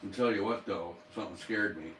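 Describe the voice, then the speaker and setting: A man's voice: low-pitched, brisk, fairly bright tone. A man co-hosting a casual live-stream chat, enthusiastic, grateful and playful. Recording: echoey room, mic at a distance, clear background noise.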